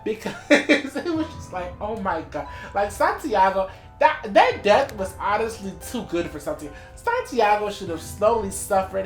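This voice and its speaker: A woman co-hosting a casual podcast, retelling scenes animatedly and acting out the quotes. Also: mid-range voice. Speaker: podcast co-host. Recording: echoey room with faint music.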